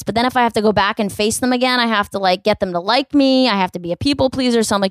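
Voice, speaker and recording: A woman's voice: a little high, fairly quick, clear, resonant tone, no room sound. Snarky, profane woman podcaster, dry sound. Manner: profane, rambling, snarky storytelling with acted-out quotes. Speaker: podcast host and comedian. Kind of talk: solo comedy podcast monologue.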